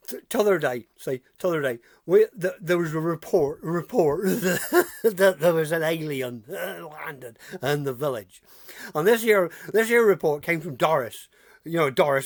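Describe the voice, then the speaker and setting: Giggly rambling woman with lively pitch. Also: no echo, studio quality. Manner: chuckles through her own stories, repeats "see?" and "oh, dear me"; rambling, with restarts and repeated phrases. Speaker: village news storyteller. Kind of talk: comic rambling monologue.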